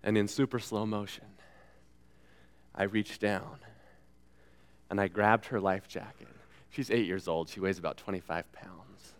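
A pastor telling a dramatic story in a sermon, dropping to a hush and rising again, and asking listeners to repeat after him. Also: male voice, on the low side, clear, resonant tone. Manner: dramatic, swings from hushed to loud.

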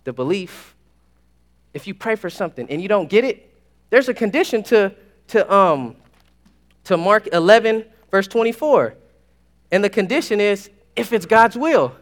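Young male preacher, high-pitched, excitable campus sermon, hushed asides and bursts of shouting. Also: normal speed, pauses often.

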